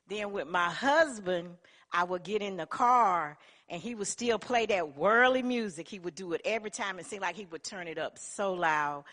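A woman's voice: mid-range voice, animated, normal speed, fairly bright tone. Earnest woman giving a church testimony. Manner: earnest, colloquial storytelling. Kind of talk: personal testimony.

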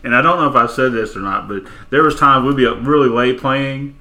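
A middle-aged man on a podcast, chatting casually and telling animated stories, acting out quotes and laughing often. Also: medium pitch, a little fast. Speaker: podcast co-host. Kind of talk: casual chat.

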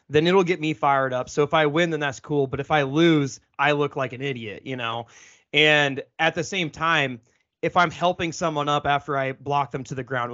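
A man's voice: medium pitch, fairly bright tone. A man hosting a casual interview, an ex-football player who asks long, eager, rambling questions. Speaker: podcast host, former football player. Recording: dull lo-fi sound.

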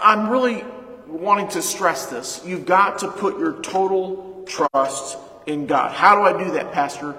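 Brief: male pastor, high bright voice, emphatic sermon with repeated refrains, echoey hall with long reverb. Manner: emphatic preaching with repeated lines and rhetorical questions.

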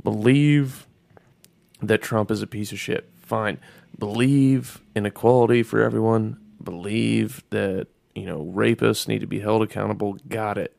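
A man's voice: on the low side, fairly even intonation, measured pace, creaky, darkish tone, no room sound. A man chatting casually as a podcast co-host, ranting sarcastically and swearing a lot. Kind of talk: casual chat.

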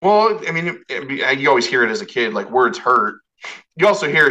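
A man's voice: medium pitch, lively intonation, quick pace, bright, forceful tone, rough recording. A man hosting a podcast in a rambling casual way, swearing now and then. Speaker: podcast host. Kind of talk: casual interview chat.

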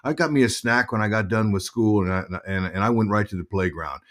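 A middle-aged man, a former ballplayer, telling stories as an interview guest in a lively, halting way that often repeats words. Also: on the low side. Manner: animated storyteller, repeats words while thinking. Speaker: guest, former pro baseball player and broadcaster. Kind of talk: casual interview storytelling.

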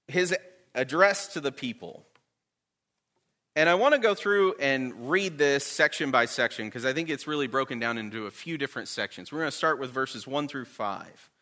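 A man's voice: medium pitch, animated, unhurried, long pauses, bright, forceful tone. A man teaching a Bible class in a conversational way, often checking in with his listeners.

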